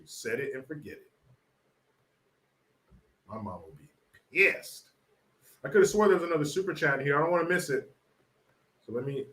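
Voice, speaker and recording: A man's voice: on the high side, pushed and bright. A man from California hosting a live-stream commentary show, brash, profane and sarcastic. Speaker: political commentary host.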